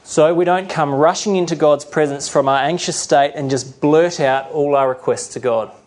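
A man's voice: on the high side, normal speed. Earnest man preaching a sermon. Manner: earnest preaching, acts out quoted voices. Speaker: pastor.

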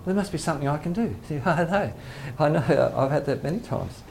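A man's voice: on the high side, expressive, a little fast, creaky, hardly any pauses, darkish tone. A male pastor giving a conversational sermon, acting out quoted voices, with faint background noise.

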